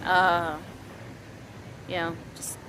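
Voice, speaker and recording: A woman in her thirties venting on a casual vlog, rambling and halting, swearing often. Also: on the low side, little pitch movement, background noise. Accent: Southern US. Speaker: vlogger.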